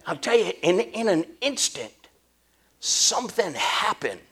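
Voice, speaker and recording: A male preacher with a high, bright voice delivers a sermon. He tells stories with animated energy, then sinks into a hushed, intense tone to drive his point home. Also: unhurried, breathy edge.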